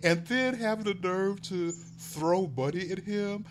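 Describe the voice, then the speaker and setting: A man's voice: a little slow, few pauses, noisy background. A man co-hosting a casual podcast, ranting and laughing, with lots of swearing. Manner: animated, swearing, laughing, jumps high when outraged. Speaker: podcast co-host reviewing soaps. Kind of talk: casual profane chat.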